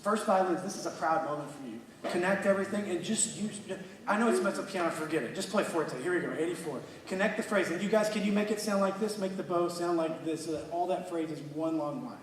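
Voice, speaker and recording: Energetic man coaching an orchestra in an echoey hall. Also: high voice, recorded from a distance, slight background noise. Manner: energetic, encouraging, quick bursts of praise. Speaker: orchestra clinician.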